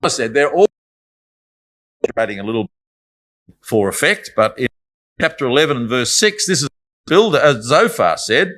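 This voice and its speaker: A man gives a Bible study talk at a middle pitch. He speaks in a conversational, reflective way and adds apologetic asides. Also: very animated, normal speed, long pauses, fairly bright tone.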